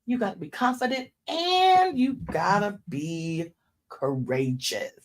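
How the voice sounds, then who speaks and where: A woman's voice: mid-range voice, slow pace. A woman in her fifties giving an informal sermon, telling stories and calling her listeners y'all. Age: 50s. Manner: animated storytelling, addresses listeners as y'all. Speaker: church speaker.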